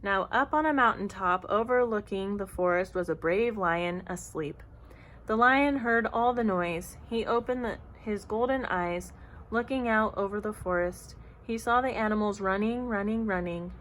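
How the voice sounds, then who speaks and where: A woman reading a children's picture book aloud in an expressive, even-paced narration. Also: medium pitch, normal speed, a little hiss or hum, poor audio. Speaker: storyteller. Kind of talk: storybook read-aloud.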